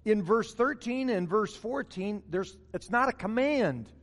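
A man's voice: high voice, animated, a little slow, a bit bright, big-room sound. A man preaching a morning sermon as pastor, stressing key phrases by repeating them.

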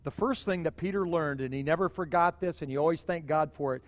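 A middle-aged man, a pastor, preaching a sermon in a conversational, animated way in a church sanctuary. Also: fairly high pitch, a little fast, hardly any pauses, in a large hall.

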